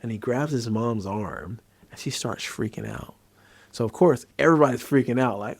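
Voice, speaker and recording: Medium in pitch and moderate in pace, this psychiatrist host has a gravelly voice with a breathy edge, recorded dry. He casually walks through a treatment and tells practice stories, livening up when he acts out moments.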